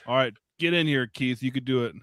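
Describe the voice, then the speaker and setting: A man's voice: medium pitch, dry recording. A man hosting a podcast, chatting casually and laughing often. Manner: laughing and animated. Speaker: podcast host. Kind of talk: casual chat and reading a story aloud.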